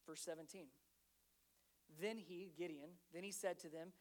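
Animated man in his thirties preaching. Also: high voice, measured pace. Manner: animated storytelling, swinging between hushed and loud. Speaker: pastor. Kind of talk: sermon.

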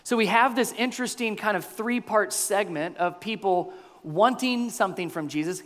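A man preaching a sermon as pastor, animated, acting out the crowd and Jesus in quoted voices. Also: high-pitched, normal speed. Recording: long hall reverb.

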